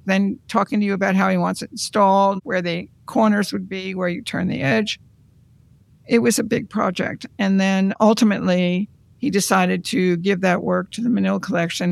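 An art conservator recounting their career in an interview, in a measured, reflective storytelling manner. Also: medium pitch, creaky, dry recording.

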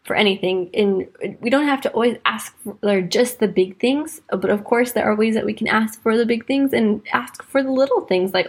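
A woman hosts a casual faith podcast with a husky, slightly breathy voice. She talks chatty and loose, peppering her sentences with "like", and slows down to let important points land. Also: fairly high pitch. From United States, raised in Wisconsin. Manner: chatty, fills speech with "like", slows to stress points. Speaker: podcast host. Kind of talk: casual faith reflection and storytelling.

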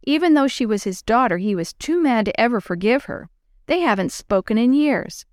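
A woman's voice: fairly high pitch, animated, moderate pace, darkish tone, smooth, dry recording, studio quality, lightly acted. A woman doing a sorrowful neighbor lady. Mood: sad. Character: sad neighbor woman, gossiping gently.

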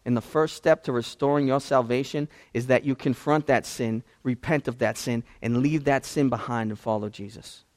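A man's voice: mid-range voice, fairly even intonation, moderate pace, few pauses. A man, a pastor, preaching a conversational sermon that swings from casual asides to impassioned climaxes.

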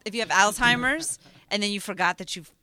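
Bright-voiced giggly woman in podcast chat. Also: medium pitch, a little fast. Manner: giggly, blurts out frank jokes. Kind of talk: casual group chat.

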